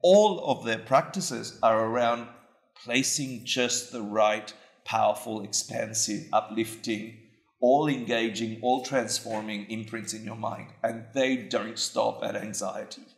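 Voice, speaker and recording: A man's voice: fairly low pitch, fairly even intonation, measured pace, creaky. A man giving an informal dharma talk, conversational and self-mocking, often asking his listeners questions. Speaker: dharma teacher. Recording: echoey room.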